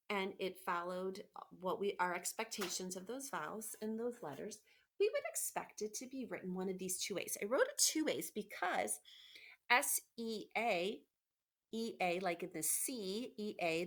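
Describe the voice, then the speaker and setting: A woman teacher giving a remote phonics lesson to children, patient and encouraging, slowly sounding out letters. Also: mid-range voice. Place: home, by a window.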